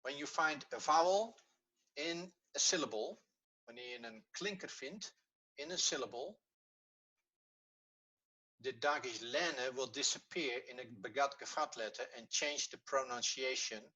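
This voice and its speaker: A man's voice: medium pitch, sharp tone. Dutch-accented man teaching Hebrew grammar. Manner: patient, repeats rules slowly, fumbles with playback. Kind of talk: online class instruction.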